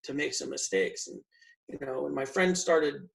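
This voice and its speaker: A man's voice: fairly high pitch, very animated, normal speed, creaky, a bit bright, distant mic, rough recording. A man talking casually as an interview guest, giving earnest advice with frequent restarts. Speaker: guest, firefighter and real estate investor.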